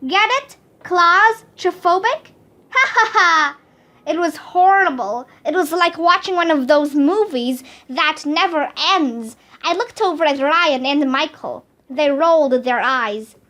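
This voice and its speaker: A very high, bright voice reading a children's chapter book aloud. The reading is careful and slow, with each sentence spaced out. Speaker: read-aloud narrator.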